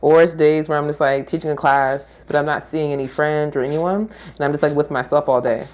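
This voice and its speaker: A woman's voice: low-pitched, fairly even intonation, a little fast, darkish tone. A woman who works as a yoga therapist, chatting casually in a podcast conversation, rambling and laughing often as she trails off and restarts.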